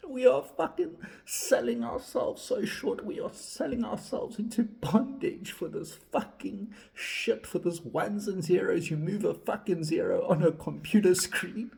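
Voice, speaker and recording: A male vlogger talks candidly to the camera at normal speed, his slightly mellow voice carrying vocal fry. He swears constantly and rants heatedly, then drops into a low, reflective tone.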